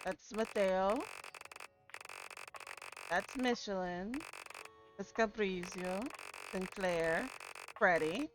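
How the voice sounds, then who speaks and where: A woman streamer giving live gameplay commentary, expressive, swearing often and laughing a lot. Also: medium pitch, very slow, long pauses, noisy background.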